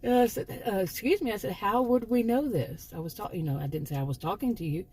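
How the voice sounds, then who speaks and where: A woman's voice: fairly low pitch, lively intonation, fast talker, dark tone, breathy edge. A woman hosting her own channel, telling a personal story in a chatty, rambling way with frequent restarts. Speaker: channel host, former sociology teacher. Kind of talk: casual storytelling monologue.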